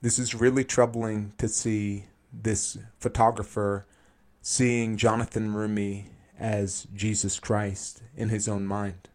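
A man with a somewhat low voice hosts a critical commentary podcast. He reads lengthy quotes aloud in measured tones, then breaks in with earnest, disapproving remarks of his own. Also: flat delivery, a little mellow. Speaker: podcast host.

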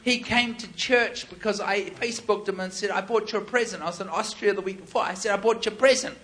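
High-voiced preacher telling a story. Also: male voice, quick pace, slight background noise. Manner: animated, laughing, acts out quotes. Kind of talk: storytelling sermon.

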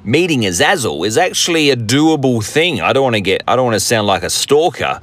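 A man's voice: mid-range voice, very animated, brisk, fairly bright tone. An Australian man hosting a hobby podcast, rambling and joking in a casual, self-deprecating way. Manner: rambling, jokey, self-deprecating, many fillers and restarts. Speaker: podcast host.

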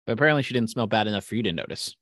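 A man's voice: on the low side, animated, rapid-fire, a bit bright, dry recording, clean studio sound. A man co-hosting a podcast who drops profane wisecracks into casual chat. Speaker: podcast co-host.

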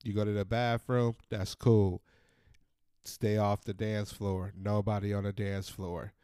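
A man in his thirties hosting a podcast, ranting in a casual, profane, animated monologue. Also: lowish voice, measured pace, clean tone, no echo, clean studio sound. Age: 30s. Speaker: podcast host.

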